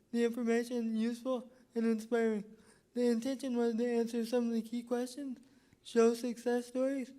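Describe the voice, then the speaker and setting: A man co-presenting a workshop, summarizing the slide points in a measured way, as if reading from a list. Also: very high voice, mellow.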